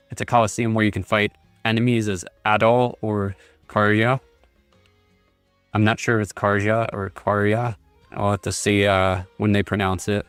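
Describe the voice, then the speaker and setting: A man's voice: lowish voice, a bit bright, clean tone, no echo. A man streaming a video game, talking casually and rambling as he reads text aloud with many fillers. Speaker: gaming streamer. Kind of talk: casual livestream commentary. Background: faint game music.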